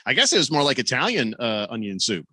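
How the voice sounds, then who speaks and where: A man's voice: mid-range voice, sing-song, fast, sharp tone, dry recording, clean studio sound. A man hosting a sports radio show, chatting casually and reading listener comments aloud. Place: radio studio. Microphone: studio microphone.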